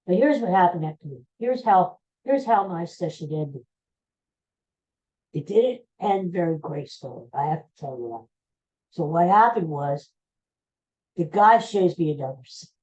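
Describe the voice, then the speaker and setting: A man's voice: fairly high pitch, expressive, moderate pace, pauses often, darkish tone. A man hosting a podcast, telling a story in a chatty, rambling way and often breaking off mid-phrase to restart. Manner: chatty, rambling, self-interrupting. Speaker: podcast host. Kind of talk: casual storytelling monologue. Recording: dull lo-fi recording.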